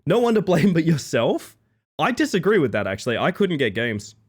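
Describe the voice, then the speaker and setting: A man's voice: on the high side, big pitch swings, fairly quick, husky. A man chatting casually with his live-stream chat, rambling playfully and greeting viewers by name.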